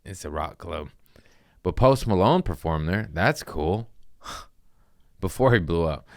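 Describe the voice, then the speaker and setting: A man's voice: low-pitched, animated, takes it slowly, darkish tone, no echo, studio quality. A young man and comedian telling rambling, profane stories on a casual podcast, saying bro a lot.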